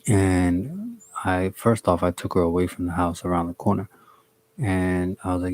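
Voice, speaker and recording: A young man telling a personal story to his live stream chat, halting and restarting often, with blunt casual swearing. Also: sits low. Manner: halting, with many restarts and fillers.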